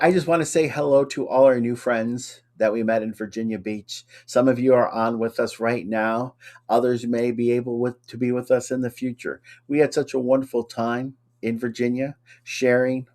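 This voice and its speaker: A male co-host in a relaxed chat, cheerful and talkative as he greets viewers and responds to their comments. His voice is at an ordinary middle pitch. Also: normal speed. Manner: upbeat, chatty, reads out viewer comments. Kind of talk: casual chat.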